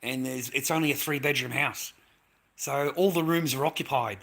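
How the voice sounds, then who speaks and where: A man's voice: mid-range voice, normal speed, vocal fry, bright, forceful tone. A middle-aged Australian man in a rambling live-stream monologue, bitter and profane, who keeps repeating himself. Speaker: livestreamer.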